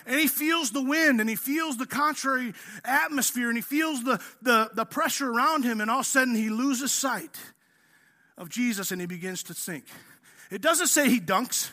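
High, bright-voiced energetic male pastor. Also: moderate pace. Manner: energetic, casual preaching, says "man" often; acts out the story. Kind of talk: sermon.

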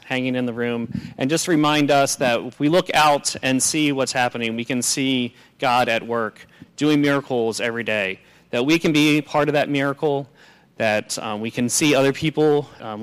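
Man with a smooth voice giving a short, halting church talk. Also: medium pitch. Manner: halting, with fillers.

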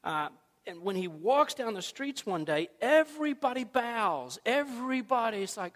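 High-voiced preacher in a reverberant hall. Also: male voice, measured pace. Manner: conversational, animated, folksy. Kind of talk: sermon storytelling. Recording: long reverb in a large hall.

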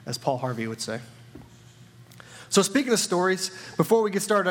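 A man's voice: a little high, fairly bright tone. A man preaching a sermon in a friendly, joking storytelling way. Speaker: church partner preaching.

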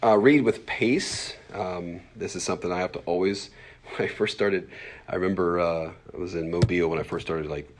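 A man in his forties, a pastor teaching a Bible class in a casual, fast-talking way, full of fillers and acted-out asides. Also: low voice. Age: 40s.

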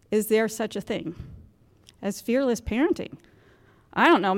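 A woman in her fifties speaks to a gathering of mothers in a church gym, telling her own story with candid, self-mocking humor. Her voice sits a little high and she laughs easily. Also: in a large hall. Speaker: guest speaker at a moms' group. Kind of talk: personal talk to an audience.

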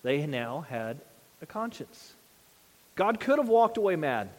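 High-voiced man preaching in a hall. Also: big pitch swings, measured pace. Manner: conversational preaching with rhetorical questions. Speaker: pastor. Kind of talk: sermon. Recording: long hall reverb.

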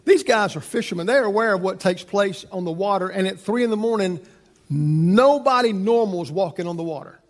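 A high-voiced male pastor delivers a lively sermon and slips into the voices of the people in his story. His voice rings through a church hall with a long reverb trail. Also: brisk. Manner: animated, acts out the people in the story.

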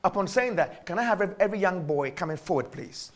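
A man's voice: high voice, lively intonation, fast talker, hardly any pauses. A man preaching a sermon, emphatic and repetitive, drawing out his key phrases.

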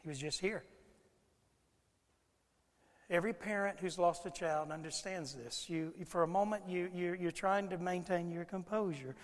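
A man preaching a sermon as a pastor, swinging from hushed, halting speech to shouting with repeated words. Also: sits high, steady tone, long reverb tail. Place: church hall.

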